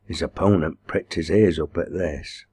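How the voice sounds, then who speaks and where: Man, deep low voice, audiobook narrator, measured and even. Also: husky. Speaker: audiobook reader. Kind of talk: scripted narration.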